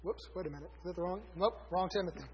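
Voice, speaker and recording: High-voiced preacher in an echoing hall. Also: male voice, racing. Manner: conversational, self-correcting, reads scripture aloud. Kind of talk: sermon. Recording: dull lo-fi recording in a reverberant hall.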